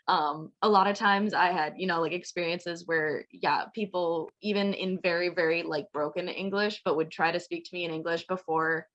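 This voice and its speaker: Low-voiced young woman on a dull call. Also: fairly bright tone. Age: young adult. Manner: rambling, full of "like" and "you know". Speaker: student panelist. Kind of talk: casual panel chat. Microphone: video call.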